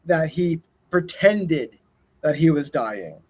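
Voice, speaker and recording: Guy kinda stammering thru a movie review, dry jokes, a bit high voiced. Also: lively intonation, a little mellow, slightly rough. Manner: halting, restarts, wry. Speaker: podcast co-host. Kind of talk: casual movie review chat.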